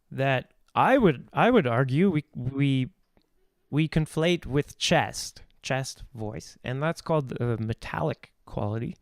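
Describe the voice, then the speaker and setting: Dry, clear-voiced man explaining vocal technique. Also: medium pitch, no echo. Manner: explanatory, thinking aloud with restarts, sings vowel demonstrations. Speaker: voice teacher. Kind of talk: live-streamed vocal technique talk.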